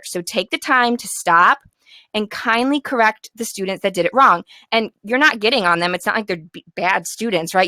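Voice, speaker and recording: A young woman who trains teachers coaches them in a bright, upbeat, encouraging tone, occasionally slipping into the voice she uses with her class. Her mid-range voice is recorded close and dry, with no room around it.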